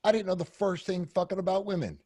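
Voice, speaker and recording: Husky, brash man talking frankly. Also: high-pitched, fast, warm tone. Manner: brash, profane, storytelling with many fillers. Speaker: podcast guest. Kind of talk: candid casual interview talk. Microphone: close podcast mic.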